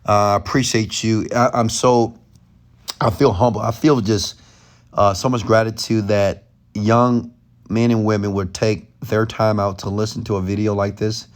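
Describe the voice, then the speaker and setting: Passionate low-voiced man streaming from bed. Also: flat delivery, moderate pace. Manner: passionate, raises his voice often; loose, rambling, off the cuff. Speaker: entrepreneur and mentor, stream host. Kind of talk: late-night live Q&A, motivational rant. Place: lying in bed at home at night.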